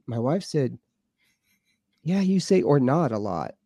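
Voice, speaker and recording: A man, a paranormal researcher, telling his experiences as a podcast guest in an excitable, rambling way. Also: medium pitch, unhurried, dry recording, lo-fi sound. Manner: excitable, rambling, repeats himself. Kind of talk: animated storytelling. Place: home studio.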